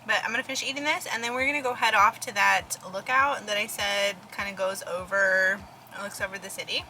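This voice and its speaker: A young woman chats casually as she vlogs, rambling and full of fillers. Her voice is bright and forward, caught on a camera mic. She sounds relaxed and conversational, as if talking to a friend. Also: mid-range voice, brisk, a little hiss or hum, poor audio. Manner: chatty, rambling, lots of fillers. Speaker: photographer vlogger. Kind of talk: casual vlog narration. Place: in her car and at a restaurant.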